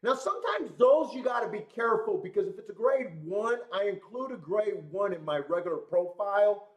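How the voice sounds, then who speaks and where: A man's voice: sits high, lively intonation, fairly quick, muffled recording. A young man with a stuffy cold hosting a casual horse racing live stream, rambling and swearing often as he tells stories and talks handicapping. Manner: profane, rambling storytelling. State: congested from a cold. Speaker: horse racing show host.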